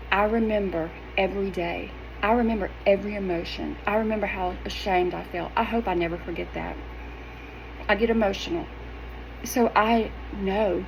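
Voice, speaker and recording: A middle-aged woman, talking straight to her viewers in a sassy, animated, emphatic way. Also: medium pitch, a little hiss or hum, low-quality recording. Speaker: wellness vlogger. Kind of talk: casual direct-to-camera talk.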